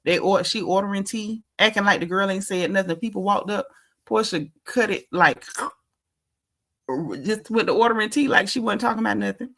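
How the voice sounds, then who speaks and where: A woman hosting a casual gossip chat, telling the story with lively acted-out quotes and slang. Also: medium pitch, normal speed. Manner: animated storytelling, acting out quotes, Southern slang. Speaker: podcast host recapping a reality show.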